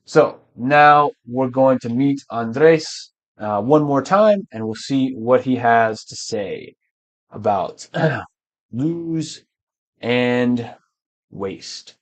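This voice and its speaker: A man teaching English verbs patiently, often switching to Spanish to explain and clearing his throat now and then. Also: medium pitch, lively intonation, very slow. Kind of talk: language lesson.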